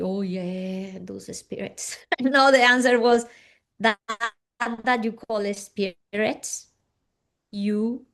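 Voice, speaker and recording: A woman guest in an interview, earnestly telling a personal story with slightly non-native phrasing and acting out what others said. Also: mid-range voice. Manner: earnest, acting out quoted dialogue.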